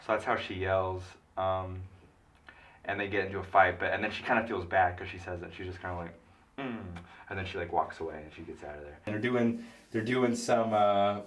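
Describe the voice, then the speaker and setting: A drunk man retelling a film in a rambling, halting way, full of filler words. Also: sits low, distant mic. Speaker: comic film recapper.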